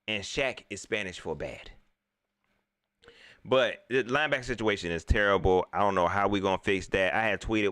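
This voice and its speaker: A man, hosting a casual live sports talk show, animated and talking straight to his viewers as he reads their chat. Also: mid-range voice, dry recording, studio quality. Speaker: sports talk livestream host.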